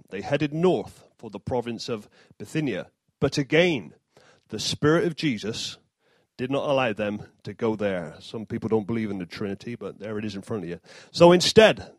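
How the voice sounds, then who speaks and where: A man's voice: mid-range voice, no room sound. Chatty, joking man preaching. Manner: jokey asides, chatty, self-deprecating. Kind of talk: informal sermon.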